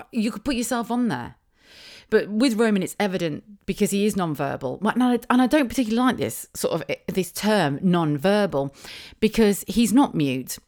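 A British woman in her thirties talks in a casual, heartfelt way about her child. Her voice sits a little low, and she often breaks into laughter as she goes. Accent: British English. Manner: emotional, chatty, laughs often. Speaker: parent vlogger. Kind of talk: casual chat.

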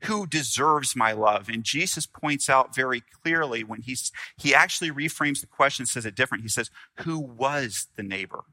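Male pastor, sermon delivery, bright forceful tone, loud-to-hushed swings. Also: mid-range voice, dry recording. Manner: earnest preaching, dramatic pauses, swings from loud to hushed.

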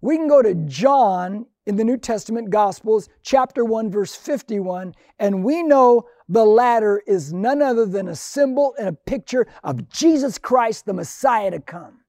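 A man's voice: high voice, animated, a little slow, hardly any pauses, darkish tone, no room sound, clean studio sound. A middle-aged man preaching a sermon, building emphasis through repeated phrases and rising calls. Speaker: pastor.

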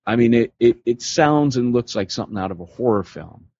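A man co-hosting a podcast, telling stories in a casual, animated way and slipping into voices for the people he quotes. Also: mid-range voice, a little fast, breathy edge, no room sound. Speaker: podcast co-host. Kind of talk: casual storytelling conversation. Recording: dull lo-fi podcast audio.

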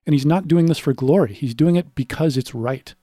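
A man's voice: fairly high pitch, a little fast, warm tone, dry recording, clean studio sound. A man speaking as a podcast guest, working methodically through his notes and building each point with examples. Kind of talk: conversational podcast discussion.

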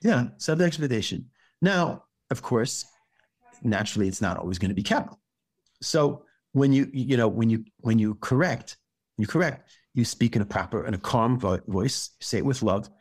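A rabbi talking through parenting advice in a casual podcast chat, halting and restarting his words often. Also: medium pitch, expressive, husky, no room sound.

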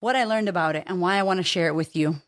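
A woman's voice: lowish voice, quick pace, no echo, clean studio sound. A woman hosting her own podcast as a confidence coach, talking frankly and emotionally and swearing freely. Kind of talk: candid solo podcast monologue.

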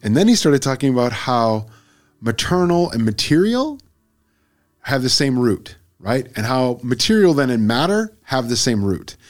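A man chatting casually on a podcast, at an ordinary middle pitch. He rambles from point to point and trips over words, correcting himself as he goes. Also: very animated, moderate pace, soft background music. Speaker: podcast co-host. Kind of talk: casual chat.

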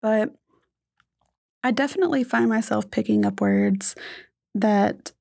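A woman's voice: medium pitch, measured pace, gravelly, dark tone, dry recording, studio quality. A woman co-hosting an educational podcast, talking in a thoughtful, rambling way with many fillers. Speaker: podcast co-host. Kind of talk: casual educational podcast chat.

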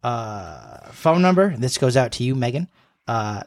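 Male co-host in his thirties, mid-pitched, loose and chatty, a rambling storyteller who laughs along. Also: big pitch swings, measured pace. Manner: rambling storyteller, chuckles often. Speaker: podcast co-host. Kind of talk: casual podcast chat. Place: home room.

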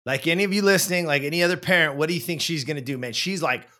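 A man in his forties telling a personal story in casual chat, animated, repeating words and acting out what people said. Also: fairly high pitch, rapid-fire.

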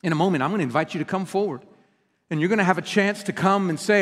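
A man preaching a sermon as pastor, moving between fervent peaks and hushed, pleading appeals. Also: sits high, fast, in a large hall. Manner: impassioned preaching, swinging from loud peaks to hushed, intimate appeals. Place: church sanctuary.

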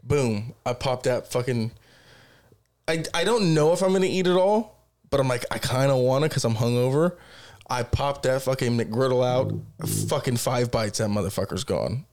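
Animated, foul-mouthed man telling stories. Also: medium pitch, normal speed. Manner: animated, swears constantly, acts out exchanges. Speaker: podcast co-host. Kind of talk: casual profane storytelling.

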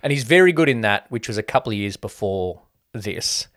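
On a casual film review podcast he co-hosts, this man talks in a chatty way and slips into mock voices to quote others. His voice sits on the low side, with lively intonation, a brisk delivery and a fairly bright tone.

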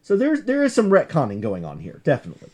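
A man's voice: on the high side, wildly swooping pitch, fast, darkish tone. A man giving a chatty class lecture on comics, full of asides and self-corrections.

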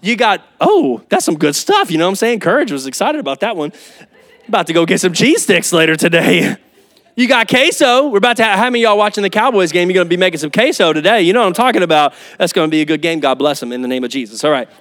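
A man preaching a sermon as pastor, telling a lively story with asides. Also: high voice, quick pace.

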